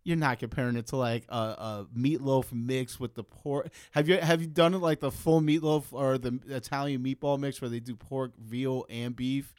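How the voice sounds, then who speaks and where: Chatty podcast host, smooth clear voice. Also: male voice, medium pitch, fairly even intonation, normal speed, few pauses, darkish tone, no room sound, clean studio sound. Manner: chatty, swears casually, laughs easily. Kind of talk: casual interview chat.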